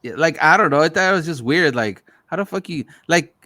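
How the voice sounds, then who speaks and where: A man's voice: on the high side, lively intonation, brisk, pushed and bright, dry recording, clean studio sound. A man hosting a podcast, telling stories in casual chat, swearing freely and acting out other people's lines. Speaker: podcast host.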